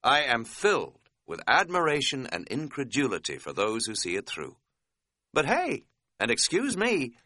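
A man giving a wry, measured first-person audiobook narration. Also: mid-range voice, bright, forceful tone, no echo, clean studio sound.

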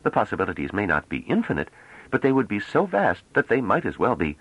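A man voicing a calm, placid male historian in an audiobook, measured and reasoning. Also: lowish voice, husky, no echo, dull audio, exaggerated voice. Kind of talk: audiobook character reading.

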